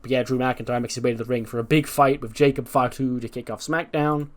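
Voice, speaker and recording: A man casually narrating a wrestling management game playthrough, chatty and relaxed with frequent fillers. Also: mid-range voice, fast talker. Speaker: game streamer.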